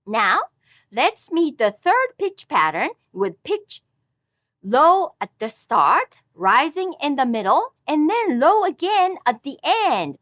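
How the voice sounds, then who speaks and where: A woman narrating a scripted language lesson, speaking with careful, clear enunciation and exaggerated pitch on example words. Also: sing-song, takes it slowly, fairly bright tone, no echo, studio quality. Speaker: Japanese language teacher.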